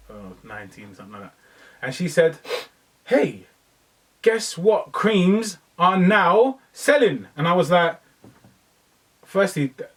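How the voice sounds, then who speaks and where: A young man, co-hosting a podcast in casual chat, telling stories in lively slang. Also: mid-range voice, husky, far from the mic, low-quality recording. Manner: slangy, animated storytelling. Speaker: podcast co-host.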